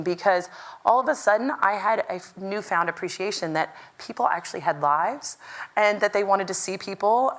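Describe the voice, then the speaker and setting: Chatty American woman giving a keynote. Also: lowish voice. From Louisville, Kentucky. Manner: chatty, lively, quotes people in animated voices. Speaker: keynote speaker. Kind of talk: conference keynote storytelling.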